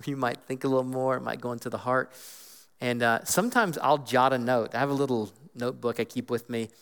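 A man giving an earnest, animated teaching talk about Bible reading, acting out inner voices as he goes. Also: medium pitch, a little fast, clean tone. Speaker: guest speaker on Scripture. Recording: long hall reverb.

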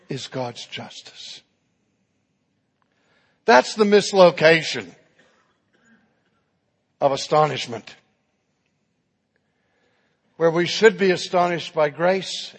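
Husky-voiced preacher in a reverberant hall. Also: male voice, a little high. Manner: dramatic, emphatic storytelling. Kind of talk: sermon with storytelling.

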